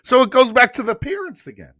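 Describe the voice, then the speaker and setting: A man in his thirties from rural North Carolina, hosting a casual sports podcast and telling stories with animated emphasis. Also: extremely high pitch, fast, no echo, studio quality. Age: 30s.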